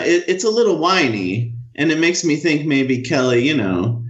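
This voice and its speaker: A man speaking as a guest on a casual podcast, talking haltingly with lots of restarts and fillers. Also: on the high side, animated. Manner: halting, hesitant, many restarts. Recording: roomy, dull lo-fi.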